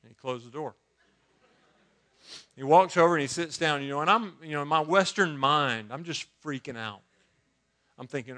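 A man preaching a sermon, telling a story with lively swings from quiet asides to loud exclamations and frequent restarts of words. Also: fairly high pitch, normal speed, long pauses.

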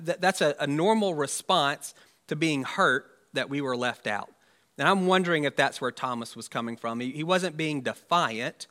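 A male pastor delivers a sermon in a crisp, bright voice that sits a little high. He talks it through like a conversation, musing aloud and tossing in rhetorical asides. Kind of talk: Easter sermon.

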